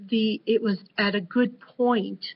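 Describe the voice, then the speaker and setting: A woman teacher talking through a vocabulary lesson, slow and deliberate with many ums and uhs. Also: fairly high pitch, fairly even intonation, slightly rough. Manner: slow, deliberate, with frequent fillers. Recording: dull lo-fi recording with faint noise.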